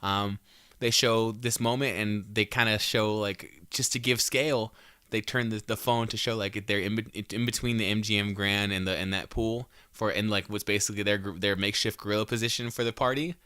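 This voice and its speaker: A man's voice: fairly low pitch, fairly even intonation, brisk, bright, forceful tone, smooth, dry recording, studio quality. A man hosting a podcast, recapping wrestling shows in a rambling, profane, casual way with many restarts. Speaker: podcast host.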